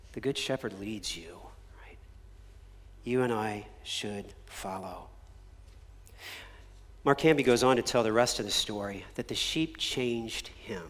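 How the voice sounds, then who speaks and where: A male pastor delivers a sermon in an earnest, measured voice of ordinary pitch. He lets key phrases fall to a soft near-whisper. The church hall adds a long reverb. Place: church sanctuary.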